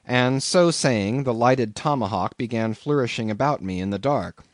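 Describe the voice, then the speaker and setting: A man reading a classic novel aloud as an audiobook narrator, in an expressive storytelling manner. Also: medium pitch, normal speed, hardly any pauses, no room sound, clean studio sound.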